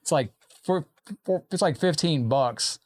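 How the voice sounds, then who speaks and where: A man hosting a live gaming stream, chatting casually and excitably, praising his opponent and thanking viewers. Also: a little high, measured pace, a little hiss or hum. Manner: chatty and informal, often profane.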